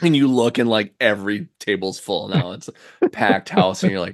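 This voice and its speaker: A man's voice: on the low side, very animated, moderate pace, dry recording, studio quality. A man narrating a tabletop role-playing game as game master, in a loose, chatty way with many fillers.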